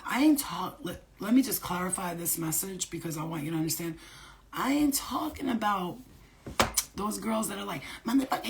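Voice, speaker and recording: A woman psychic medium talking casually to her viewers, blunt and emphatic, swearing freely, using street slang and repeating phrases for stress. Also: mid-range voice. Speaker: psychic medium giving spirit readings. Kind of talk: casual unscripted channeling talk to viewers.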